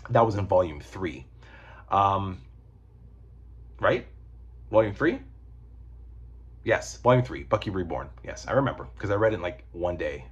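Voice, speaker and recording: A man's voice: low-pitched, animated, measured pace, long pauses, husky, dull audio. A man reviewing comic books in a rambling, casual chat, swearing and digressing as he goes.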